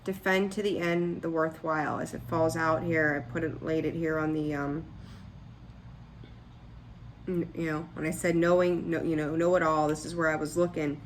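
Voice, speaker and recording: A woman's voice: low voice, flat delivery, moderate pace, a little hiss or hum. A woman giving a casual tarot reading, blunt and frank, scolding her listeners and rambling with restarts. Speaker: tarot reader.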